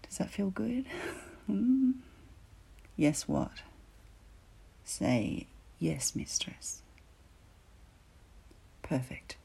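A woman voicing a teasing, commanding female teacher in an audio role-play, often dropping into soft whispers. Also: low voice, very animated, very slow, gravelly, pauses often, slightly rough, full character voice. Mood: seductive.

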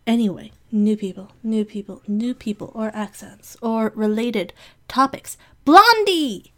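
A woman's voice: mid-range voice, fairly even intonation, a little slow, a little mellow. A woman in a rambling casual monologue, gushing with affection and giggling, sniffling now and then. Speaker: community member giving shout-outs.

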